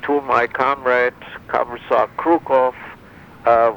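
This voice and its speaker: An older man, a former wartime interrogator, recounting memories in an interview, halting with many fillers and restarts. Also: medium pitch, fairly even intonation. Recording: dull lo-fi sound with faint noise.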